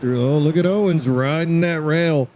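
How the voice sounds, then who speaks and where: A man's voice: fairly high pitch, unhurried, a little mellow, slight background noise, rough recording. A man doing play-by-play commentary on a sim racing broadcast, joking and bantering with his co-host.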